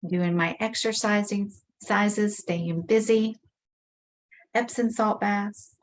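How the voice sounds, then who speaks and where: A woman leading a tapping session, speaking slow repeated affirmations about her frustration. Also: mid-range voice, steady tone, slight background noise. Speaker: EFT tapping practitioner. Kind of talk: guided tapping script, slow repeated phrases.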